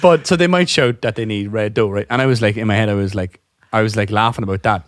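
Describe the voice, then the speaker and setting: A man from Ireland co-hosting a podcast in casual chat, animated and laughing as he tells stories. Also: fairly low pitch, fast talker, no echo, clean studio sound. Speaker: podcast co-host.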